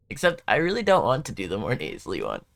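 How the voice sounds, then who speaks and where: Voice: mid-range voice, huge pitch swings, a little fast, gravelly, fairly bright tone. A game streamer with a Southern Californian valley-girl accent, chatting casually on a home stream into a desk mic, drawling and filling every sentence with "like" and "you know". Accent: Southern Californian, Valley Girl style. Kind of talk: casual live-stream chat.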